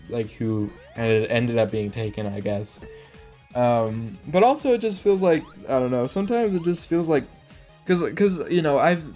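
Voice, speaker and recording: A man's voice: medium pitch, a little mellow. A young man telling a casual personal story, rambling, laughing often and stumbling over his words. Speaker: vlogger.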